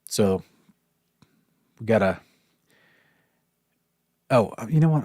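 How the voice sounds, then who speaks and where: A man's voice: on the low side, animated, takes it slowly, long pauses, darkish tone, dry recording, studio quality. A man teaching a casual Bible study lesson, talking things through conversationally with restarts and asides. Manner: conversational, thinks aloud with restarts and apologies.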